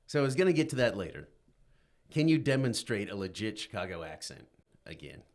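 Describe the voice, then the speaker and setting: A man's voice: fairly low pitch, sing-song, fairly quick. A man in his forties hosting a casual interview, wry and self-deprecating, laughing often. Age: 40s. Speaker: interview host.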